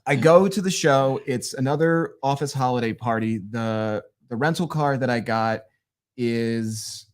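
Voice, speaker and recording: A man from northeastern Pennsylvania, a guest comedian telling road stories with a casual, profane, deadpan delivery. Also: mid-range voice, unhurried. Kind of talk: casual storytelling.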